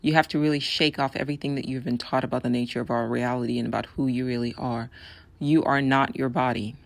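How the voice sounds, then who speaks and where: Hoarse, gravelly woman podcaster. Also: a bass voice, steady tone, fast talker, no echo. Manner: earnest, explaining and persuading. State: raspy, hoarse voice. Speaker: podcast host. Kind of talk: solo podcast monologue.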